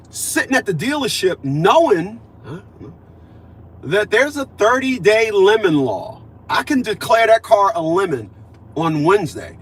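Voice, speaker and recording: A man in his fifties, a vlogger, speaks in a casual monologue with a high-pitched, fairly bright and slightly rough voice. He is emphatic and repeats himself, acting out conversations he had.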